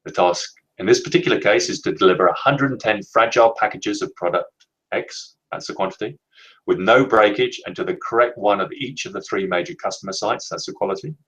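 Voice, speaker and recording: A man presenting a leadership training webinar, explaining in a measured, emphatic way and slowing down to stress key words. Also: lowish voice, fairly bright tone, poor audio.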